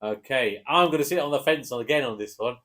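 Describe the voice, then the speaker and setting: A man with an English accent casually chatting through football match predictions, relaxed and hesitant with fillers. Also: mid-range voice, quick pace, noisy background. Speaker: co-host giving match predictions. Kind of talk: casual chat.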